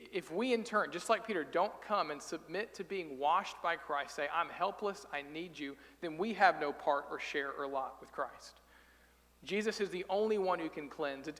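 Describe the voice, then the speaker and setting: A man's voice: a little high, a bit bright, in a large hall. A man preaching a sermon in a casual, storytelling way, acting out quoted voices as he retells the passage. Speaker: pastor. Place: church sanctuary.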